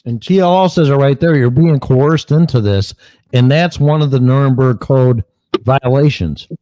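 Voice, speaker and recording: A man's voice: medium pitch, normal speed, dark tone, no room sound, poor audio. A man co-hosting an online talk show, ranting bluntly and mockingly with plenty of swearing. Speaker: co-host. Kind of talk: angry political rant.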